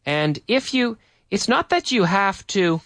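A man's voice: sits high, lively intonation, measured pace, a bit bright, no room sound, studio quality. A man teaching English to Spanish speakers, drilling short questions and answers over and over and explaining how native speakers link words. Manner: drills example phrases, repeating questions and answers.

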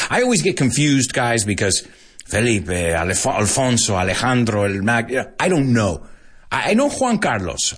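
A man's voice: mid-range voice, husky. An American man giving a casual, jokey lesson, chatting and laughing often at his own asides. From United States. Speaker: English teacher. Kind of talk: casual teaching monologue.

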